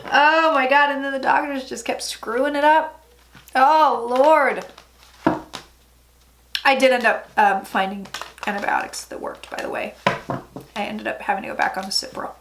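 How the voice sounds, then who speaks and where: Woman psychic, high voice, chatty and theatrical delivery for a tarot reading vlog. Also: steady tone, noisy background. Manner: chatty, dramatic, with sudden loud asides and drawn-out phrases.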